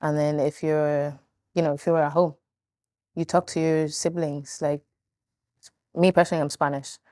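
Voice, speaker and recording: A teenage girl with a Northern Irish accent, co-hosting a casual talk show in a relaxed, chatty way. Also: deep voice, moderate pace, dry recording, clean studio sound. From Nigeria. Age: teens. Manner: relaxed, chatty, many short agreements. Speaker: teen talk show co-host. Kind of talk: casual chat.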